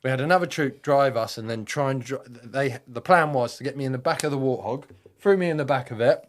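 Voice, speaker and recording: A man's voice: mid-range voice, brisk. Man swearing through a war story. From United Kingdom. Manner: swears freely, rambling and vivid; acts out quotes in a raised voice. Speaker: podcast guest, army veteran. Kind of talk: telling a personal war story.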